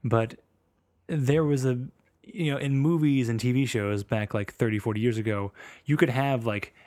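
A man's voice: medium pitch, normal speed, a little mellow, no room sound. A man co-hosting a casual music podcast, talking in a wry, joking way. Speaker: podcast co-host.

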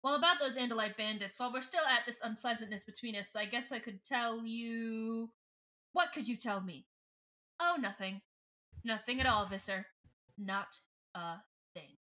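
Lady doing a smug menacing alien warlord guy, taunting, quiet and low-key. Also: moderate pace. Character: arrogant male alien warlord, sly and menacing.

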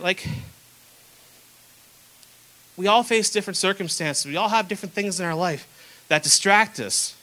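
A young man delivers a sermon in a relaxed, conversational way, slipping into the voices of the people in his stories. His voice sits high and sounds bright. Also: low-quality recording. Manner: casual, conversational preaching with acted-out quotes. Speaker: preacher.

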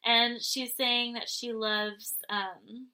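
A woman in casual chat, recapping a reality show with a sarcastic edge. She acts out the quotes she tells. Her voice is bright and a little high. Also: level tone, drawn-out words, low-quality recording.

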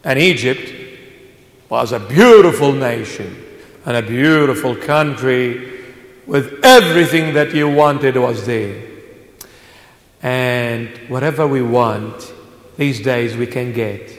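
A man preaching a sermon in a church, dramatic, swinging between hushed asides and loud exclamations. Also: mid-range voice, takes it slowly, pauses often, echoey room, in a large hall. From Australia. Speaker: bishop preacher.

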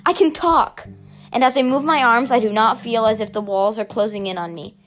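A woman with a somewhat high voice reads a first-person story aloud. Her delivery is steady and softly expressive, and faint music plays beneath her narration. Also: fast talker.

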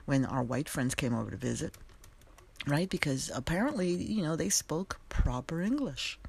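Gravelly, husky-voiced passionate podcast host. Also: mid-range voice, a little mellow. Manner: passionate and emphatic, talks directly to listeners; conversational, with asides and laughter. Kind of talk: solo podcast commentary.

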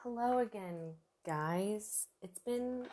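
A woman hosts her own podcast, chatting in a casual, rambling, self-deprecating way while tired from little sleep. She speaks slowly in a warm, medium-pitched voice.

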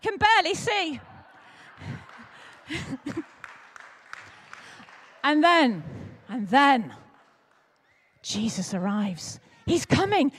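A woman preaching at an all-age church service, telling a story in a playful, animated way and speaking directly to the children. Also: high-pitched, drawn-out words, pauses often. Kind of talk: lively storytelling sermon for children and adults.

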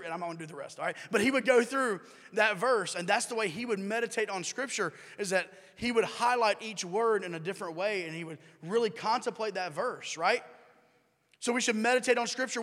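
A man with a high, light voice preaches a sermon to his congregation, talking conversationally, tossing questions to the room and repeating his key lines. His voice rings out with the long reverb of a large church hall. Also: fairly quick, a bit bright. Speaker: pastor. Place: church sanctuary.

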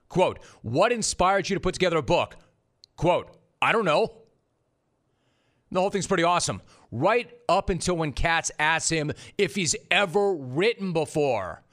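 A man with a somewhat high voice hosts a sports radio show. He is sarcastic and emphatic, and he repeats his punchlines for effect. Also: a bit bright. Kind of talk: sports talk monologue.

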